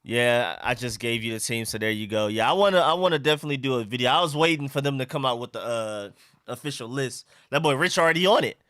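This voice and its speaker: A man's voice: medium pitch, fast talker, fairly bright tone, no echo, clean studio sound. A young man hosting a live stream, chatting loosely and reading out viewer comments. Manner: loose and conversational, reads out chat comments. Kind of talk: casual live-stream chat.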